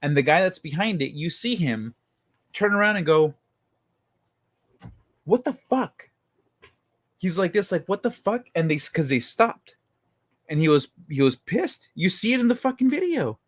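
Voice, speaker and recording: A man's voice: on the high side, normal speed. A man hosting a casual livestream, rambling and swearing as he tells stories and answers chat. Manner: rambling, profane, animated storytelling. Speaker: livestream host. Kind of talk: casual livestream chat reading viewer comments.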